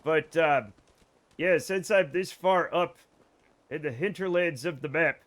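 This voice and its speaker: A man chats loosely with his live viewers while he plays a video game. His voice sits a little higher than most men's, and he rambles, jokes and swears without a second thought. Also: measured pace, a bit bright. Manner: rambling, joking, swears freely. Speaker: streamer. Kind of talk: casual let's-play chat with viewers.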